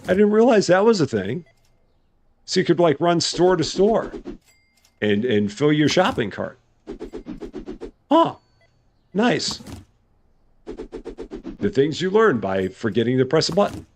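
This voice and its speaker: Brief: male game streamer, relaxed live commentary, very lively pitch swings. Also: measured pace, pauses often, slight background noise. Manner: chatty, thinking aloud, good-humored. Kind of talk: casual live gameplay commentary.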